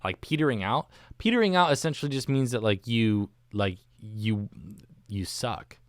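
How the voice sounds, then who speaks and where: A man's voice: mid-range voice, lively intonation, normal speed, dry recording, clean studio sound. A man hosting a solo podcast, rambling casually with a slangy, self-mocking manner. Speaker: podcast host. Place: recorded alone, not live. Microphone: studio microphone.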